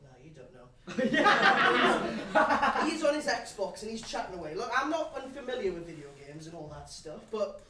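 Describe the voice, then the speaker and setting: With a sing-song, high-sitting voice that's pushed and bright, this young man delivers a heavily acted turn at a moderate pace. In his one-man live show he plays a brash, crude pub regular with a Geordie accent, rambling, swearing and cheekily bantering with listeners. The distant, roomy stage recording has a little hiss or hum, and the audience can be heard laughing.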